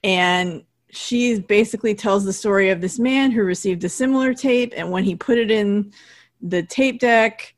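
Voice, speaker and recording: A woman's voice: mid-range voice, normal speed. A woman co-hosting a podcast, casually recapping a TV episode and quoting the characters' lines as she goes. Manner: chatty, recounts scenes with quoted lines and laughs. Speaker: podcast co-host.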